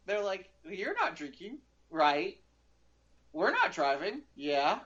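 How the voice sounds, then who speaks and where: A man co-hosting a podcast, telling a rambling, animated anecdote in casual chat. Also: sits high, slow pace. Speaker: podcast co-host. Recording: dull lo-fi sound.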